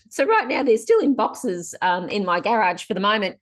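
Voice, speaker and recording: A woman speaks as a guest on a podcast, chatty and colloquial. Her voice sits in a middle pitch. She talks easily and in a lively way. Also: moderate pace. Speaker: guest, productivity author. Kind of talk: casual podcast chat.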